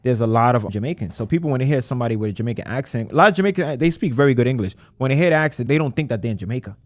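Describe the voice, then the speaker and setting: A man who runs a credit repair business, talking as a guest in a casual podcast conversation, animated and emphatic with lots of slang. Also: medium pitch, very fast, dry recording.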